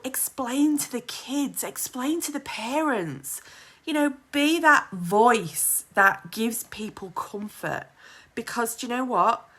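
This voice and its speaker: A woman's voice: medium pitch, fairly bright tone. A woman, a single mother talking to camera in a heartfelt casual vlog, emphatic and determined, with many "you know" fillers and close to tears.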